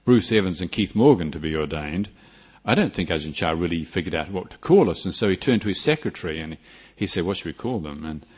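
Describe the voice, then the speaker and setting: Husky-voiced New monk giving a talk. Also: male voice, deep voice, expressive, fairly quick, few pauses. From New Zealand. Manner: reflective, rambling with restarts and gentle humor. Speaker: Buddhist monk teacher. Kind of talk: dharma talk. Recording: dull lo-fi recording.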